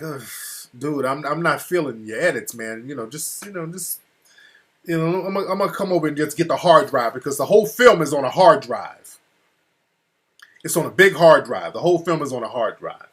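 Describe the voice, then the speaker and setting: A man with a husky, slightly high voice tells a story in loose, casual talk. He swears freely and grows heated and animated as he goes. The call audio drops out now and then. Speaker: interview guest. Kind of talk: casual phone-style conversation.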